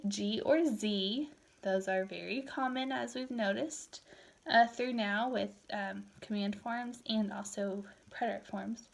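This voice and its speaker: A woman in her thirties gives a recorded language lecture, moving easily between English and Spanish. Her voice sits a little high and sounds tired, and she talks in a loose, chatty way. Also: gravelly. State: tired, yawning. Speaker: Spanish teacher.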